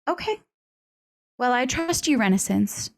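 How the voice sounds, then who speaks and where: A woman's voice: a little high, lively intonation, measured pace, gravelly. A woman taking part as a player in a tabletop role-play game, chatting casually at the table.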